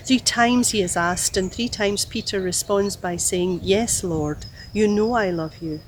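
A woman preaching a sermon, telling a story and gently acting out the quoted lines. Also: medium pitch, a little slow, slight background noise, rough recording.

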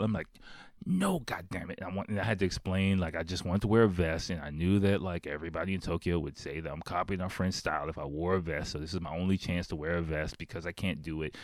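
A man's voice: deep voice, no echo, clean studio sound. A man casually telling a funny story, laughing often, acting out quotes and swearing freely. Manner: swears a lot.

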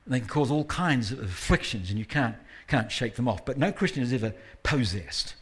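A man's voice: mid-range voice, lively intonation, brisk, slightly rough. A man giving a guest sermon at a church service, talking in a conversational way with self-deprecating asides and rising emphasis. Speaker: guest preacher.

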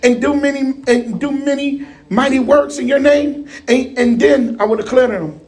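A man preaching a sermon in a lively, animated way, laughing and shouting at times. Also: very high voice, moderate pace.

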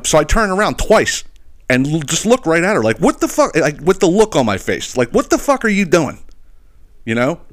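A man holding forth alone on his podcast, swearing freely and sounding fed up. His voice sits at an ordinary pitch for a man, neither high nor low. He rants in a running, conversational way, pausing to check in with his listeners. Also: fairly bright tone. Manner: profane, exasperated, punctuated with "okay?". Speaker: podcast host. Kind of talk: ranting solo storytelling.

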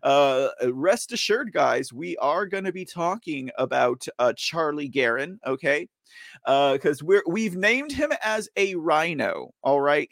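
A man's voice: on the high side, creaky, fairly bright tone, dry recording. A man hosting a political talk show, theatrical and repetitive, rallying his audience. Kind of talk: casual political commentary.

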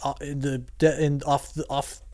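A man voicing a relaxed male Mothman creature with a surfer drawl, slangy. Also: medium pitch, normal speed, lightly acted. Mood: laid-back. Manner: relaxed, slangy, says bro and dude.

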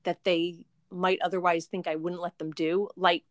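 A woman's voice: lowish voice, little pitch movement, moderate pace, no room sound, clean studio sound. A young woman, a homeschooling mother, chatting in an interview with a rambling, filler-heavy way of talking. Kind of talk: casual interview chat.

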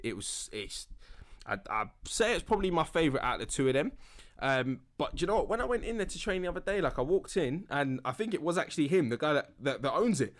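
A young man hosting a relaxed solo podcast, rambling with lots of fillers and laughing now and then. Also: medium pitch. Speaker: podcast host.

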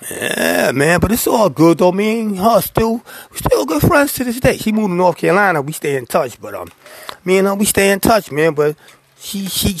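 A man spins a raw personal tale in loose street slang, swearing freely. His voice is gravelly and a little husky. He sits close in a dry, dead-sounding space. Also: on the high side, no room sound. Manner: slangy, profane, streetwise delivery; acts out quoted voices. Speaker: rapper telling an industry story. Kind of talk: casual anecdotal storytelling.

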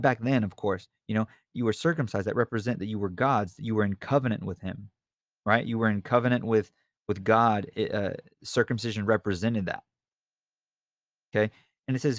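A man's voice: on the low side, fairly quick, no echo, clean studio sound. A man teaching the Bible informally, earnest and rambling, with many restarts and asides. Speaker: Bible study podcast host.

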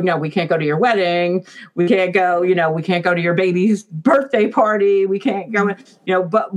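A woman's voice: on the low side, poor audio. Chatty woman telling stories with laughs. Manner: chatty storyteller who laughs often and acts out quotes. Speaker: former lighting designer for a band. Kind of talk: reminiscing interview talk.

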